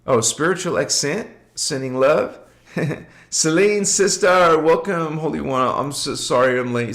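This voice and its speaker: A man's voice: mid-range voice, a bit bright. Man chatting on a spiritual livestream. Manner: chatty, laughs often, greets viewers by name. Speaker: livestream host. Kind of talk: casual spiritual livestream talk.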